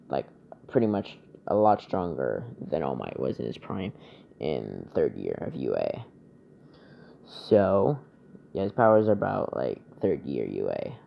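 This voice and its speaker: A man casually retelling a fan story, rambling and halting as he searches for words, on a dull lo-fi recording. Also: extremely low pitch, vocal fry, a little hiss or hum.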